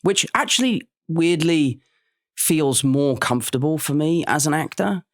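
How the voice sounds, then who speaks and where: A man's voice: a little high, unhurried. A young man with an English accent, a guest actor in a casual interview, telling stories animatedly and slipping into impressions, on a close studio mic. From England. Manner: animated storytelling, slips into impressions.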